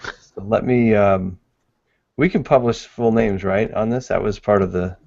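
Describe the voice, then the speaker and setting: A man's voice: on the low side, a little slow, vocal fry, darkish tone, dull audio. A man co-hosting a live webinar in casual chat, laughing often and reading the chat aloud. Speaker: webinar co-host.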